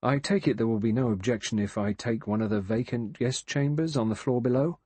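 A man's voice: mid-range voice, fairly quick, a little mellow, husky, dry recording, lightly acted. A man voicing a deferential middle-aged manservant in an audiobook, polite and apologetic. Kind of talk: audiobook character voice.

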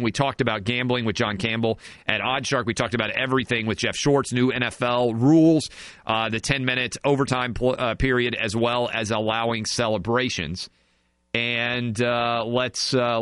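A man's voice: mid-range voice, a bit bright, dry recording. A man hosting a sports talk radio show, riffing sarcastically and in mock outrage.

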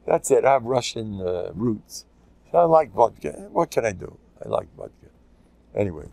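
A man's voice: mid-range voice, big pitch swings, moderate pace, gravelly, a little mellow, dry recording, low-quality recording. An older man, a rabbi from the USA, giving an informal, joking Torah class sprinkled with Yiddish and Hebrew terms.

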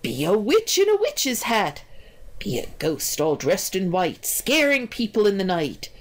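A woman voicing an old, scheming witch who chants a rhyming spell, slow and sing-song. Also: medium pitch, wildly swooping pitch. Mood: chanting.

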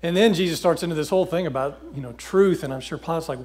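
A man preaching a sermon in a relaxed, conversational way, paraphrasing scripture with frequent fillers and restarts. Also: a little high, fast talker. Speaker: pastor. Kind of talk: casual sermon with scripture reading.

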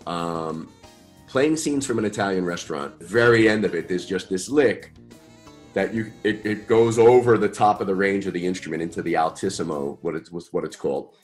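A deep-voiced man in his fifties, a guest musician telling his stories in a loose, chatty way full of slang and the odd curse. He sounds relaxed and easygoing, with faint music in the background. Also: moderate pace. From New York. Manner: relaxed, chatty, uses slang and mild swearing. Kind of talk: casual storytelling interview.

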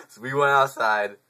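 Male, 20s, vlogger storyteller; bright, tense tone, casual profane slang. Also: medium pitch. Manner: profane, laid-back slang, chuckles through the telling.

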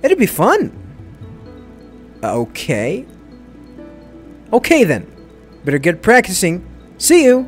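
A man's voice: sits high, wildly swooping pitch, slow pace, pauses often, faint music behind, exaggerated voice. A man voicing a flamboyant male spirit who puts on a cutesy girlish act, talking in a gushing, coy, sing-song way.

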